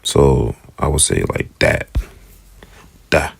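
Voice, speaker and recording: A man with an African American English accent walks through letter sounds in a relaxed lesson, repeating each one several times. His voice sits extremely low and he takes his time. The sound is close and dry, with no room echo. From United States. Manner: repeats sounds slowly, drawn-out demonstrations. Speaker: Hebrew teacher. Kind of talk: casual alphabet lesson.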